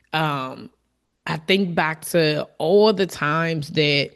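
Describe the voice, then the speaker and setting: A woman hosting her own podcast, talking candidly and from the heart in a reflective solo monologue, with fillers and restarts. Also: deep voice. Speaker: podcast host.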